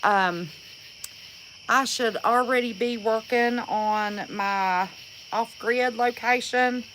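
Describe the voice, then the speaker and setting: A woman's voice: fairly high pitch, slow pace, a bit bright, slight background noise, low-quality recording. A woman hosting a casual livestream, chatting and greeting viewers by name and calling them honey. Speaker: livestream host.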